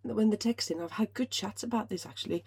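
Emotional woman, husky voice. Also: medium pitch, quick pace, a little mellow. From Finland. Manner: emotional, swears freely, many restarts. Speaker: podcast host. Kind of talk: casual solo podcast talk.

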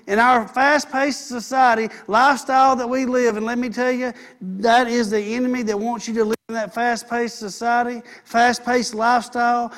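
A man's voice: very high-pitched, fairly bright tone. A man preaching a sermon as pastor, earnest and repeating phrases for emphasis.

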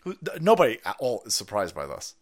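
A man's voice: on the low side, wildly swooping pitch, a little fast. Foul-mouthed man ranting on a livestream. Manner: foul-mouthed, mocking, swings between shouting and muttering. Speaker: livestream host. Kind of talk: profane ranting commentary.

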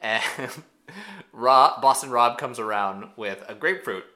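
A man co-hosting a podcast, recapping an episode in casual chat with animated storytelling. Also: mid-range voice. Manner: animated storytelling with quick asides. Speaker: podcast co-host.

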